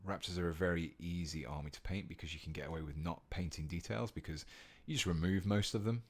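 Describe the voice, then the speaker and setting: On a live stream, a British man gives a casual painting tutorial, chatting with viewers and reading their comments aloud as he works. His voice is low and his pace fast, with a relaxed, chatty manner.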